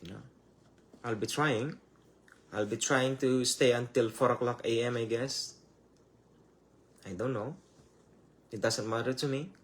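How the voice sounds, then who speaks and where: A man's voice: mid-range voice, fairly even intonation, measured pace, long pauses. A man with a Filipino accent, a native Tagalog speaker, gives a Bible teaching in English in a loose, conversational way. He keeps calling his listeners "my dears" and repeats rhetorical questions. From Philippines. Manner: loose and conversational, starts phrases over. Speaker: preacher. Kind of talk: live-streamed Bible teaching.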